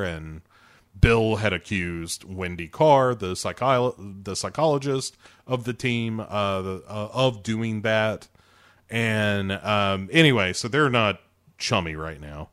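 A man's voice: fairly low pitch, takes it slowly, a bit bright, no room sound, studio quality. A man casually recapping a TV episode with a co-host, animatedly acting out lines, swearing and laughing. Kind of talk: casual chat.

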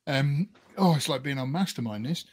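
A man's voice: on the high side, husky. A man hosting a casual podcast chat, joking and laughing often. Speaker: podcast host.

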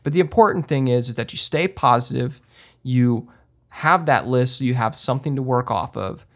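A man hosting a podcast, giving casual how-to advice in an emphatic way, with lots of ums and restarts. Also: normal speed. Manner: lively swings up in pitch when stressing a point. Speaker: podcast host and filmmaker. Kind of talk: casual instructional talk.

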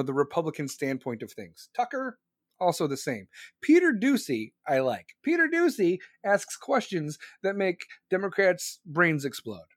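Stream host guy ranting, sarcastic and swearing, slightly high voice, dry mic. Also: no room sound. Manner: crude, sarcastic, rambling. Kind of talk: casual profane rant.

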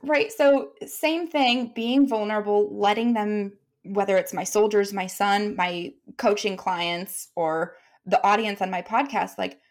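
A woman's voice: medium pitch, a little slow, hardly any pauses. A woman in her thirties, a guest on a podcast, telling stories in a candid, emotional way and laughing often. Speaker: guest, military commander and leadership coach. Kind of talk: candid conversational storytelling.

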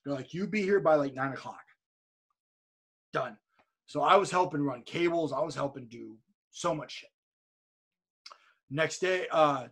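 Podcast guest: man from California, somewhat high husky voice, loose animated storyteller who acts out quotes. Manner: rambling, animated anecdote-telling with many repeats and quoted dialogue. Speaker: interview guest, wrestler and streamer. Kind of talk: casual storytelling in a podcast interview.

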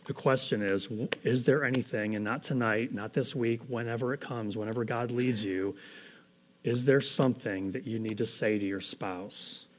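A middle-aged man preaches in an earnest, conversational way, as if talking things through with the people in front of him. His voice sits at an ordinary middle pitch for a man. His delivery stays plain and sincere rather than showy. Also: steady tone, moderate pace. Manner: earnest, conversational, grows soft and hushed toward the end. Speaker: pastor. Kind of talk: sermon.

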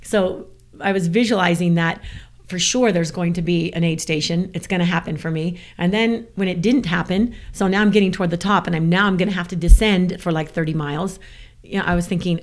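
A woman from the American South, a guest telling a story in casual chat, animated and laughing often. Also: lowish voice, a little fast.

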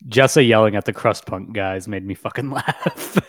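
A man co-hosting a podcast, chatting casually with quick interjections and lots of laughter. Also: lowish voice, very animated. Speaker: podcast co-host. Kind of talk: casual chat.

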